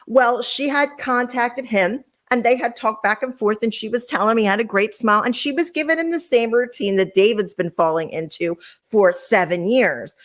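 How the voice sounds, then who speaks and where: A woman's voice: on the high side, fairly bright tone. Gossipy woman podcast host. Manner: chatty, gossipy, sarcastic, talks to the chat. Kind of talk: casual reality-TV recap chat.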